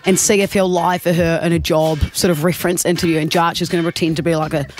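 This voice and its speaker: High-pitched upbeat co-host. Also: male voice, flat delivery, fast talker, soft background music. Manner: upbeat, giggly and chatty. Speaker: radio co-host. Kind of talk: casual radio banter.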